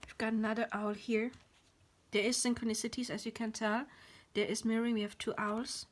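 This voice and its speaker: Speaking briskly and evenly in a fairly high-pitched voice, a woman does a pick-a-card tarot reading for her channel. Her talk wanders through spiritual ideas with frequent apologies, and now and then she lowers her voice to a whisper.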